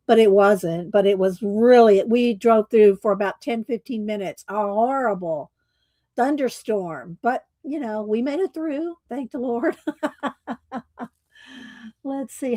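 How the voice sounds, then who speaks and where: Slow-talking woman streamer, slightly croaky. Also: on the high side, dark tone, no echo. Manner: slow, chatty, laughs often, Southern "y'all". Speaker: livestream host. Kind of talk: casual livestream chat greeting viewers.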